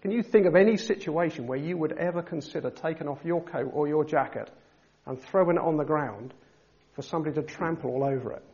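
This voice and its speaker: A man preaching a sermon, asking his listeners rhetorical questions and building to loud, emphatic passages. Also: fairly high pitch, a little fast, vocal fry, muffled recording.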